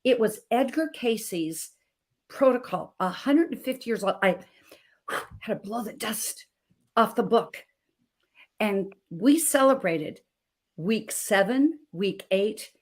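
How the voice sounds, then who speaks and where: A woman's voice: mid-range voice, expressive, slow, long pauses. A middle-aged woman from Montana, a health coach and guest, telling her story emphatically and with feeling. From Montana, USA. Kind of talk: personal testimony on a talk show.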